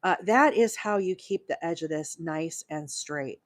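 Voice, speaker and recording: A woman's voice: low-pitched, measured pace. A woman hosting a live crochet stream, chatting with many fillers and counting stitches aloud as she works. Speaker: crochet host.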